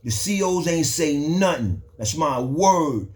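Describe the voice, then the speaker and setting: A man's voice: a little high, animated, measured pace, soft background music. Slangy New man telling stories. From the Bronx, New York. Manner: loose, repetitive, slangy, frequent restarts. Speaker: storyteller. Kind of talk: casual street storytelling.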